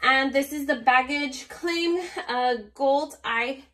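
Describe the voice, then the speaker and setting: Bubbly high-voiced woman with Spanish accent. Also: slow, bright, forceful tone. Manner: bubbly, gushing, laughs often. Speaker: beauty vlogger. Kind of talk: casual unboxing chat.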